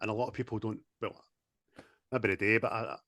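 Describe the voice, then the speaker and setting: A man in casual, sweary film chat, animated and quick to laugh, talking over a video call. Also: on the low side, creaky, dry recording, clean studio sound. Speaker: podcast co-host.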